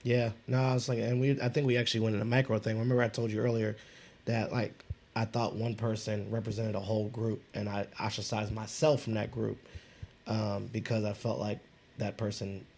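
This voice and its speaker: A man's voice: fairly low pitch, flat delivery, fairly quick, a little mellow, a little hiss or hum. A man hosting a podcast, thinking aloud in casual conversation with many restarts. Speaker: podcast host.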